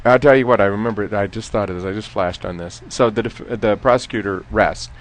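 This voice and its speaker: Laughing man with a low voice. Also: fairly quick. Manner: laughing, trails off quietly. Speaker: former defense lawyer telling stories. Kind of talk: casual storytelling chat.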